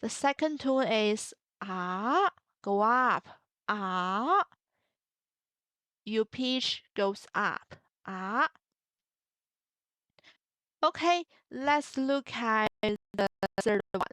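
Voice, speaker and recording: Slow, patient woman teaching tones. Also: fairly high pitch, fairly bright tone, clean tone, no room sound, clean studio sound. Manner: repeats phrases slowly, models tones with drawn-out vowels. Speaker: Mandarin teacher. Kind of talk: slow, patient language lesson.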